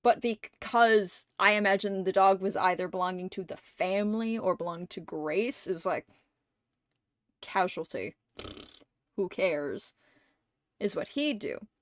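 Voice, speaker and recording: A young adult woman streamer in casual chat, gushing like an excited fan and swearing and laughing often. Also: mid-range voice, measured pace, pauses often, no echo, clean studio sound.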